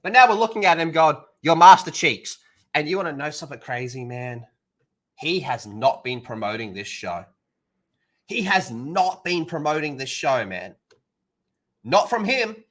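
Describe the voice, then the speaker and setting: A male streamer ranting on his livestream, swearing freely and dripping with sarcasm. His voice sits a little high and sounds bright and sharp. The pitch swings widely as he works himself up. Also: very animated, moderate pace. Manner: heated, profane, sarcastic ranting. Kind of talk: livestream rant.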